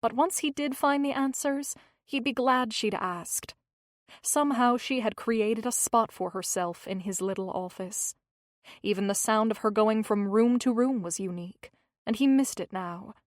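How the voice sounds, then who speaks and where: Brief: female audiobook narrator, measured scripted read, fairly high pitch. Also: dry recording, studio quality.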